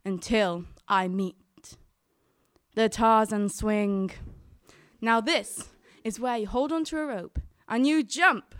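Young woman telling a story, slightly high voice. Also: slow, a bit bright, clean tone, no room sound. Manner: chatty, quotes her own thoughts. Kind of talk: live storytelling on stage.

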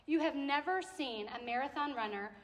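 A young adult woman preaching a sermon to a campus ministry gathering, in a conversational, animated way that acts out little quotes. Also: high-pitched, normal speed. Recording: echoey hall with long reverb.

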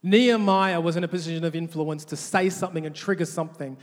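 A male pastor with a fairly high voice preaches to his church, animated and quick to restart his sentences. His words ring out with a long reverb tail in a large church hall. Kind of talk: sermon with call-and-response.

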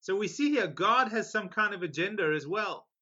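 A male preacher reading scripture aloud and stopping for amused, animated asides. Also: sits high, moderate pace, husky, highs cut off. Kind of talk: sermon reading scripture with commentary.

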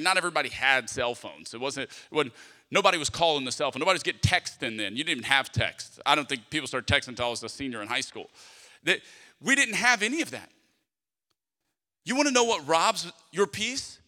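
A man's voice: on the high side, bright, forceful tone. A man, preaching a sermon as pastor with emphatic repeated phrases and rhetorical questions. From South Louisiana, US. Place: church sanctuary. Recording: long hall reverb from a church sanctuary.

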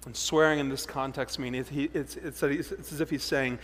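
A man preaching a sermon as pastor, swinging between loud emphasis and hushed, low passages. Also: fairly even intonation, moderate pace, few pauses, big-room sound.

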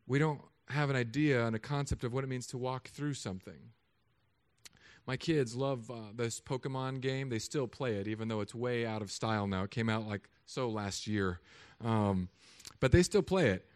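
A man in his thirties, a pastor, preaching a sermon with animated, humorous storytelling. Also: medium pitch, moderate pace, clear, resonant tone.

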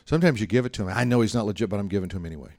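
A middle-aged man gives a sermon in a relaxed, chatty way. His voice sits somewhat low, and he slips into the voices of the people in his stories as he tells them. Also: rapid-fire. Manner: conversational storytelling, acts out quoted voices. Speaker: pastor.

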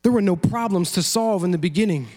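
Pastor guy preaching, high voice, animated, acts stuff out, laughs a lot. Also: fast talker. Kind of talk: sermon.

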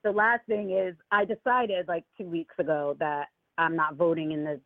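Woman caller, lively casual political chat, tinny dry phone line. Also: normal speed, dry recording. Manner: animated, swoops high when mocking others. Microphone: phone call.

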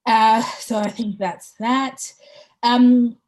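Woman podcast cohost just chatting, medium pitch, gets all excited, lots of um and like. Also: moderate pace. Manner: many fillers and restarts. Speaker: podcast co-host. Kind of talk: casual chat.

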